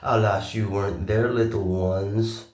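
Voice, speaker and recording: Slow, rambling, profane man in an echoey room. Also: on the low side, fairly even intonation, darkish tone. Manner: rambling, profane, sarcastic, many filler pauses. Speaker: vlogger. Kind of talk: rambling monologue to camera.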